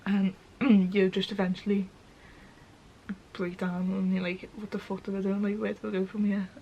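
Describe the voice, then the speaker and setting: Tearful young woman, flat delivery. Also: mid-range voice, moderate pace, lo-fi sound, slight background noise. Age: young adult. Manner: frank and sweary, with lots of filler questions. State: tearful, voice breaking. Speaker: vlogger. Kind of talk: casual talk to camera.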